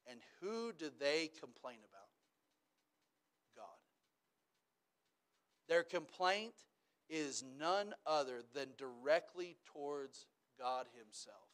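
A man preaching a sermon as pastor, animated, dropping to a hush and then rising loud. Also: a little high, measured pace, smooth. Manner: swings between hushed and loud, animated.

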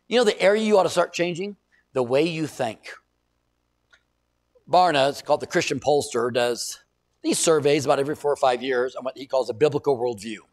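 Middle-aged male pastor, gravelly, slightly high voice, chatty sermon with punchy peaks. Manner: conversational preaching with rising emphatic bursts.

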